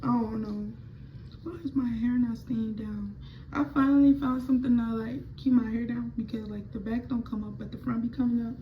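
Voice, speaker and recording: A young woman telling a storytime vlog in slangy, animated speech that acts out the dialogue. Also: a little high, normal speed, slight background noise. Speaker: vlogger. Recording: slightly muffled recording.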